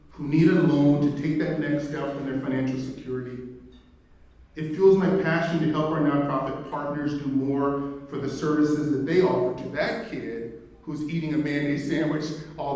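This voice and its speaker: A man's voice: on the high side, dark tone. A man from Indiana giving a keynote speech as executive director, conversational and humorous, telling personal stories and asking the audience questions. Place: event hall. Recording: echoey hall, mic far off.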